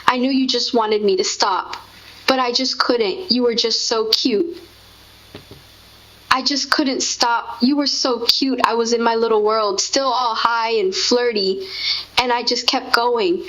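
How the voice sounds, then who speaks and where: A woman in casual conversation with her partner, telling their shared story in an animated way. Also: on the high side, highs cut off. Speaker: co-host recounting a shared memory.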